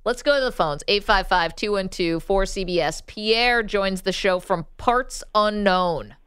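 A woman co-hosting a sports radio show, upbeat and quick to laugh. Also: medium pitch, a bit bright, smooth, no echo. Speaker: radio co-host.

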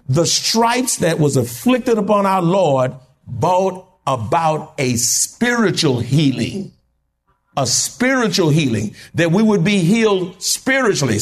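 Male pastor, high and very expressive voice, call-and-response sermon in a church. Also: husky. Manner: call-and-response preaching, rising to shouts.

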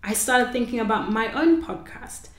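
Talking at normal speed in a slightly high, expressive voice, a podcast host rambles reflectively through her unscripted solo episode and corrects herself along the way. The recording has a roomy echo.

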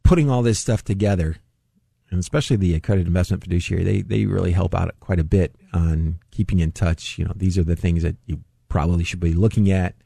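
A man's voice: low-pitched, quick pace, vocal fry, dark tone, husky, no room sound, studio quality. Chatty male financial radio host. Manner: chatty, explanatory, chuckles often. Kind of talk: casual radio talk.

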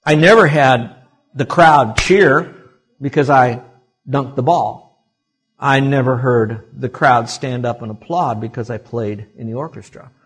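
A male pastor preaching a sermon to his congregation, swinging between loud exclamations and quiet asides. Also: mid-range voice, husky. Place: church sanctuary.

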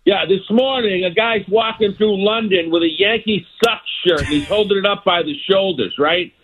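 A man's voice: high voice, moderate pace. A man calling in to a sports radio show, chatty and telling a story. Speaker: caller. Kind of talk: phone-in call. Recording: tinny phone line.

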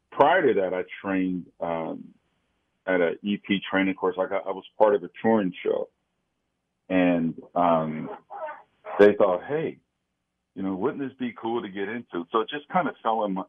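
A man from Kansas City, a security consultant guest, talking in a laid-back, agreeable way. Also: low voice. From Kansas City, United States. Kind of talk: casual interview. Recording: phone line.

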